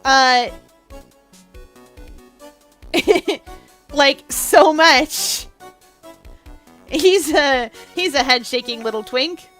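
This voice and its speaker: A woman's voice: high voice, very slow, pauses often, a bit bright, faint music behind. A young woman streamer chatting and joking with her viewers during a live game stream. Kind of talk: live gaming stream chat.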